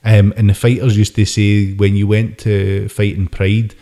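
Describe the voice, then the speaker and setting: A man's voice: lowish voice, measured pace. Man hosting a boxing podcast chat. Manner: animated, swears casually. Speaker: podcast host. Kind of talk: casual chat.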